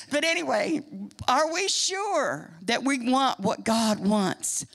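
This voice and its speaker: A woman's voice: high-pitched, big pitch swings, slow pace, gravelly, fairly bright tone. An older woman with a Midwestern American accent, preaching in a church in a folksy, emphatic way. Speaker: church speaker. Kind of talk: sermon. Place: church sanctuary.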